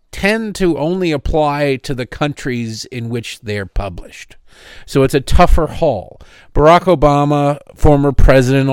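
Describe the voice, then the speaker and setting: A man's voice: medium pitch, darkish tone, clean tone, dry recording, studio quality. A middle-aged man hosting a political talk show, delivering an opinionated monologue with sarcastic asides and tangents. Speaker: radio talk show host.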